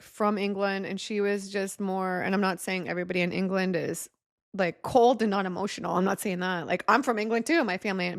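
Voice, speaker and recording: A woman's voice: mid-range voice, dry recording, clean studio sound. A woman vlogger telling a painful personal story to her viewers in a casual, rambling way, swearing now and then. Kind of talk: emotional personal story to camera.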